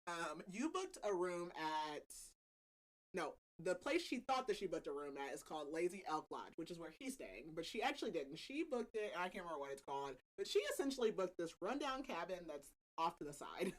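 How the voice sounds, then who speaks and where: A lower-pitched woman chats through a book recap as a podcast host. She talks casually, with frequent laughter and loose filler words. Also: very animated, brisk.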